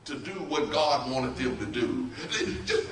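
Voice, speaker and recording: A man preaching a storytelling sermon, who acts out the voices in his story and swings between loud and soft. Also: medium pitch, lively intonation, a little slow, distant mic, a little hiss or hum. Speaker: bishop preaching. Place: church sanctuary. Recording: echoey church from off-mic.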